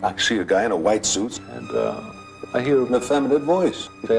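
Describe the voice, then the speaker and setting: An older man, casually telling a personal story in a relaxed way and acting out what others said. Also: fairly low pitch, moderate pace, vocal fry, faint music behind. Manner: relaxed storytelling, acts out voices. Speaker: guest storyteller.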